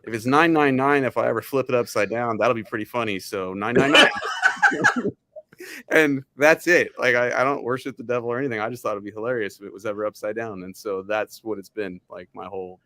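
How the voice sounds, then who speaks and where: A man who is the guest, telling animated stories in casual chat and laughing at himself often. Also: mid-range voice, a little fast, slight background noise.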